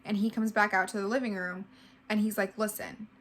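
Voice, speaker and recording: A woman's voice: mid-range voice, little pitch movement, fairly quick. A woman in her twenties giving a casual storytime vlog, emotional and full of "like". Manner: heavy use of "like", emotional retelling. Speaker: vlogger.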